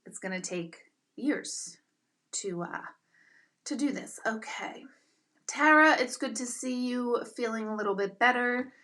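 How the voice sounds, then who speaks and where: A middle-aged woman hosting a live chat with her viewers, telling stories in an animated, excitable way with bursts of loud exclamation. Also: on the high side, a little slow. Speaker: livestream host.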